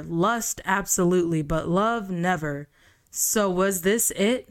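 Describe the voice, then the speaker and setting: A young woman with a lowish voice hosts a comedic book review podcast. She reads passages slowly and breaks off into profane, sarcastic rants. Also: clean tone. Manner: profane, exasperated, sarcastic commentary. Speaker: podcast host.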